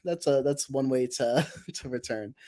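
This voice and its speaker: A woman with a very deep, dark voice chats casually on a live stream, rambling and poking fun at herself. She's a streamer and voice actor, speaking at a measured pace with fairly even intonation. Her voice sounds a bit worn, tired from overuse.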